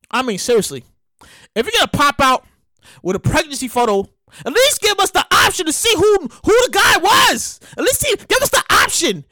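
A very high-pitched man hosting his own comedy podcast, launching into loud, stammering rants and acting out everyone he talks about. His bright, sharp voice swings all over its range, and the sound is close and dry with no room around it. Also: moderate pace, dry recording. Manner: excitable, loud, stammering, acts out quotes. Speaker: podcast host. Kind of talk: solo comedic rant.

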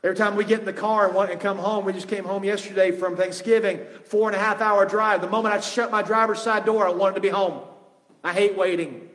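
Brief: man pastor, high voice, impassioned sermon, long hall reverb. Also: fairly even intonation, fast talker. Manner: impassioned, shifting from loud to hushed.

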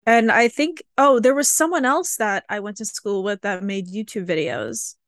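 In a relaxed podcast chat with a friend, a co-host in her twenties speaks at normal speed and a middle pitch. She's chatty and animated, leaning on lots of fillers, captured in a close, dry recording without room sound.

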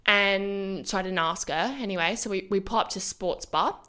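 A woman's voice: medium pitch, normal speed, sharp tone, smooth. A young woman co-hosting a podcast, telling a story in casual chat, swearing freely and saying "like" a lot. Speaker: podcast co-host.

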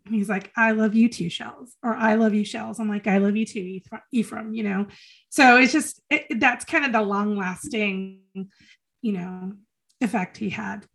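A woman's voice: mid-range voice, steady tone, vocal fry. Earnest woman sharing heartfelt memories. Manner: earnest, halting, repeats phrases for emphasis. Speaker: podcast guest. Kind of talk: emotional personal reminiscence.

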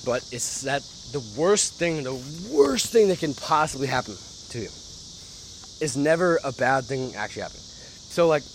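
A man's voice: mid-range voice, lively intonation, normal speed, slight background noise. A young adult man hosting a podcast, talking casually and emphatically, swearing and laughing often. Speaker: podcast host. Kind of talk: casual motivational monologue.

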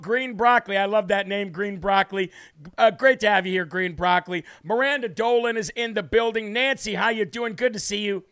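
A male live-stream host talks in an animated, repetitive way, calling out viewers by name. His voice sits high and sounds bright, with a smooth, crisp clarity. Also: normal speed. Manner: animated and repetitive, reading viewer names aloud. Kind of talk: casual live-stream commentary; reading a devotional aloud.

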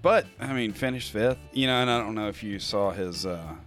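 A man's voice: lowish voice, fairly quick, a bit bright, faint music behind. An American man co-hosting a podcast in casual banter, joking and arguing back. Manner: joking, contrarian, slips into mock accents. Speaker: podcast co-host.

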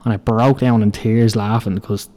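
A man's voice: lowish voice, little pitch movement, normal speed, mellow. A young Irish man in his twenties hosting a podcast, telling rambling, profane stories from building sites and laughing through them. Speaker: podcast host. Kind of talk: casual storytelling.

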